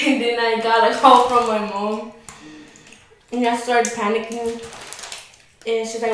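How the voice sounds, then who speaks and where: A woman's voice: fairly high pitch, flat delivery, moderate pace, long pauses, fairly bright tone, slight background noise. A young woman in her late teens candidly telling a personal story in casual chat, talking with lots of likes and restarts. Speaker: vlogger. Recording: very echoey room, mic far off.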